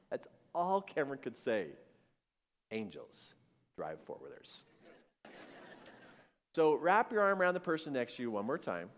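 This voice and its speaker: A man giving an animated storytelling sermon to a live audience and acting out the voices in his story. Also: a little high. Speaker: speaker. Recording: long-reverb hall.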